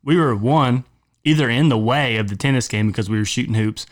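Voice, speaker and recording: A young man in a relaxed podcast chat, rambling through animated stories and cussing freely. His voice sits at an ordinary middle pitch and his speech is loose and unpolished, like friends trading memories. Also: a little fast. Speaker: podcast co-host. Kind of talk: casual chat.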